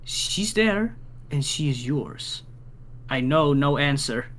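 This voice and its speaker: A man's voice: on the high side, expressive, slow pace, fairly bright tone. A man reading a proud, raging old king in a verse play, declaiming the lines. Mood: wrathful.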